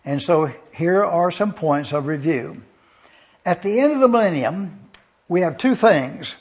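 A man's voice: on the high side, expressive, a little slow, breathy edge, dull audio. A man preaching an expository Bible lesson, methodically listing and repeating points for review with a dry touch of sarcasm.

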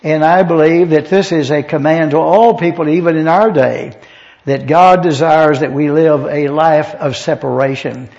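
A man teaching a verse-by-verse Bible lesson, reading Scripture aloud and explaining Greek words in a measured way. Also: on the high side, steady tone, vocal fry, a little mellow. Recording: dull lo-fi recording.

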